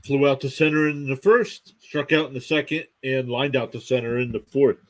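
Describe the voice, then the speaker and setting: Young male stream host, steady play-by-play caller, mid-pitch voice. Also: moderate pace. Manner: steady play-by-play, reads out scores and thanks viewers. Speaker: live stream sports commentator. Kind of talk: live play-by-play reaction commentary.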